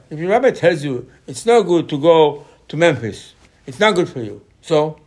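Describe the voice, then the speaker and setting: Man, Torah lecture, fairly high voice, animated rhetorical questions. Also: moderate pace, husky.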